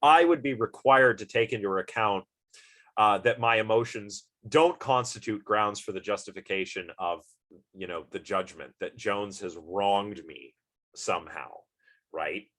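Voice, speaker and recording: In an informal university class, a man lectures on philosophy, thinking aloud through everyday examples and posing questions to his students. His voice is fairly low and a bit bright, and he speaks unhurriedly.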